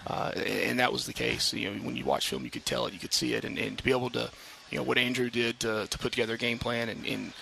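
A man talks like a coach on a live radio show, his gravelly voice bright and forward. He stops and restarts often and fills gaps with "you know". When he tells a story he picks up and gets lively. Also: mid-range voice, slight background noise. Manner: halting, many fillers and restarts, animated when telling stories. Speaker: head football coach. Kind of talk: casual radio interview. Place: outdoor brewery patio at a live radio show.

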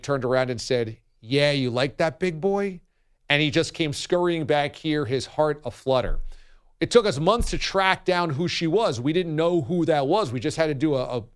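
A man hosting a sports radio show, telling stories in a lively, chatty way. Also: mid-range voice, smooth. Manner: animated, laughing, storytelling.

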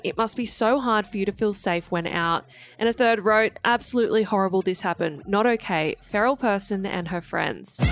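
Aussie lady doing a gossip news read, brisk and slangy. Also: mid-range voice. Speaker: entertainment news presenter.

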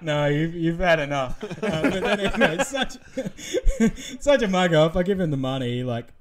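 A man's voice: fairly high pitch, moderate pace, crowd noise. Laughing, sweary man telling stories. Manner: laughs often, swears freely, tells animated anecdotes. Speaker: podcast co-host and comedy gig MC. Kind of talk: casual storytelling chat.

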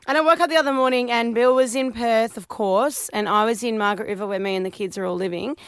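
A woman's voice: on the high side, fast talker, smooth, dry recording, studio quality. A woman, co-hosting a radio show and telling self-mocking stories in casual chat. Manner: chatty, self-mocking storyteller. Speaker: radio co-host.

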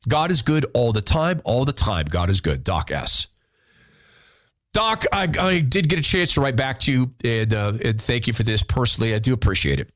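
A man hosting a podcast, reading listener letters aloud and answering them in an earnest, openly emotional way, sometimes halting and repeating words when moved. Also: medium pitch, very animated, a bit bright, dry recording. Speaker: podcast host.

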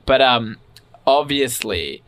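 A man's voice: mid-range voice, expressive, slow pace, fairly bright tone, no echo. Flustered, rambling male podcast host. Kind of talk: comedic podcast banter.

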